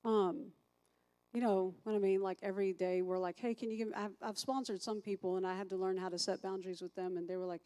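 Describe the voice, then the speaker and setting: A woman's voice: mid-range voice, fairly even intonation, a little fast, dark tone, clear, resonant tone. A woman teaching a recovery class as a sponsor, chatty, thinking aloud and asking the group questions.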